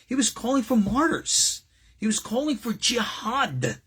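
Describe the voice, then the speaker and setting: A man with a deeply husky, raspy voice teaches as a rabbi, swinging his pitch widely from low murmurs to high stresses. He talks in a loose, conversational way, wandering off into asides and then hammering his points home. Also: very animated, a little slow, fairly bright tone. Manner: emphatic, conversational, digressive. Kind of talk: informal recorded lecture.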